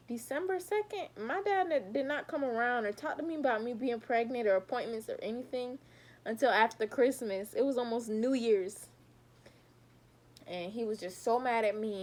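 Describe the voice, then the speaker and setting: A woman's voice: on the high side, a little mellow. A young adult woman vlogging a casual storytime, talking straight to her viewers and animatedly retelling what happened.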